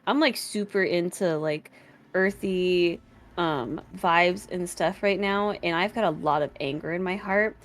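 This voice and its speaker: A woman's voice: lowish voice, a little slow. A woman chatting casually on a live stream about her tabletop game character and her cats, in a bubbly, rambling way.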